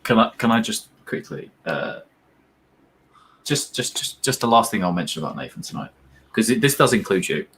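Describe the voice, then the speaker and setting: A young man with a slightly low voice trades jokes and laughs his way through a live match watch-along. Now and then he rattles off quick play-by-play, with a faint hiss of noise underneath. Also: very animated, a bit bright. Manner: jokey, laughs often, quick bursts of live commentary. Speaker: co-host.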